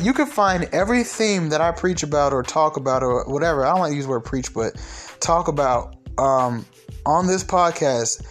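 A man hosting a solo podcast, delivering a heated, profane rant that keeps jumping to loud emphatic peaks. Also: a little high. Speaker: podcast host.

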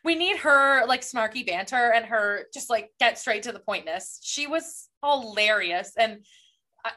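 A woman's voice: fairly high pitch, lively intonation, measured pace, pushed and bright. A woman co-hosting a podcast, recapping a novel in a casual, enthusiastic ramble. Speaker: podcast co-host. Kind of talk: casual book chat.

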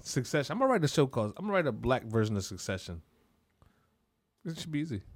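A man hosting a comedy podcast, chatting loosely with lots of swearing and shouted impressions of other people. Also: mid-range voice, fast. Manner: profane, animated, acts out bosses by shouting. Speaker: podcast host. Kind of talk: comedic casual chat.

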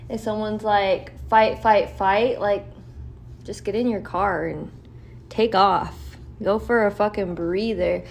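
A woman vlogger talking candidly with lots of swearing and fillers, reading aloud from a list now and then. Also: on the high side. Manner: profane, candid, filler-heavy. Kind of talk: casual talk mixed with reading aloud.

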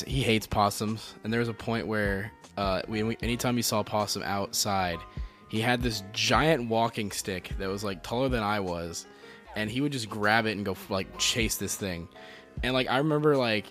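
A young man co-hosting a podcast, chatting loosely with lots of fillers and swearing. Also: on the low side. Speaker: podcast co-host. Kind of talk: casual chat.

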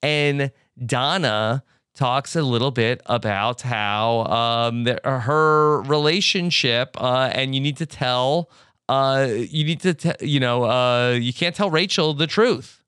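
A man hosting a podcast, recapping a show in easygoing casual chat, often pausing on fillers. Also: mid-range voice, fairly bright tone, clean tone, no room sound, clean studio sound. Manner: easygoing, hesitant with fillers, brief backchannels. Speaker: podcast host.

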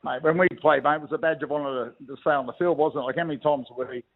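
Gravelly Australian man on a phone line. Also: fairly high pitch, steady tone, quick pace. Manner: matey, calls everyone "mate", reminiscing. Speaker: phone-in guest, former rugby league player. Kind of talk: casual radio chat over the phone. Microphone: telephone.

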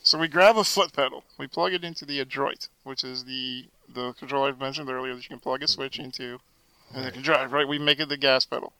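A man guest on a podcast telling a story in a casual, animated way, acting out the dialogue as he goes. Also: medium pitch, fairly quick, clean tone, no room sound, rough recording. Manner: animated, acts out quoted dialogue.

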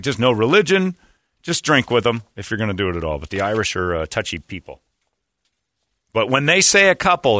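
A man hosting a podcast, telling comic stories in a lively way and acting out the quotes. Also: fairly low pitch, no room sound, studio quality. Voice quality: animated, acts out quotes. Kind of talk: comic storytelling chat.

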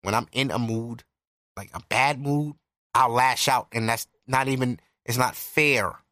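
A young man talking straight into the mic on his own podcast, swearing freely as he hands out earnest relationship advice. His voice sits at an average pitch for a man, and the sound is close and dry with no room echo. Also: steady tone, unhurried, pushed and bright. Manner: candid and profane, earnest advice. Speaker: podcast host. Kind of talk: casual podcast monologue.

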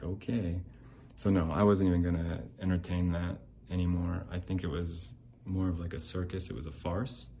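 A man's voice: low voice, dark tone, slight background noise. A man hosting a podcast, talking in a rambling, sarcastic and bitter monologue with frequent restarts. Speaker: podcast host.

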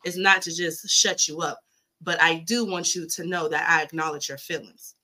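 A woman's voice: low-pitched, steady tone, normal speed, sharp tone. A woman on a podcast in casual chat, earnestly giving relationship advice. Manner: earnest, advising, calls others boo. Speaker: podcast co-host.

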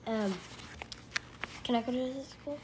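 A young girl listening to a story, answering with soft, brief replies. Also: a little high, measured pace, crowd noise, low-quality recording.

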